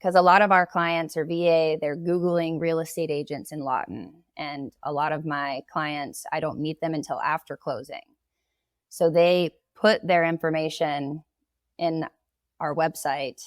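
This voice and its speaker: A woman's voice: deep voice, fairly even intonation, a little slow, no echo, clean studio sound. A woman, a real estate agent talking casually as a podcast guest. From Oklahoma. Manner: conversational, explaining at length with laughs.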